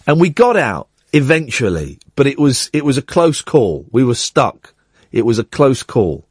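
Male radio host, middle-aged, lively storyteller with a slightly husky, dry studio sound. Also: medium pitch, moderate pace, no echo. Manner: animated anecdote with acted-out quotes.

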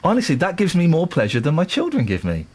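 A man's voice: fairly high pitch, fast talker, breathy edge. A man hosting a radio show, joking and teasing his co-hosts in casual chat. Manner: jokey, teasing and animated.

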